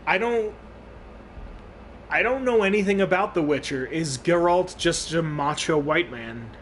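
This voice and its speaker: A young man chats loosely while he plays a game on stream, drifting from thought to thought and swearing freely. His voice sits a bit on the high side. Steady noise runs under the recording. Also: takes it slowly, pauses often. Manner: rambling, profane, thinks aloud with restarts. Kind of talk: casual live-stream chat while gaming. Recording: clear background noise.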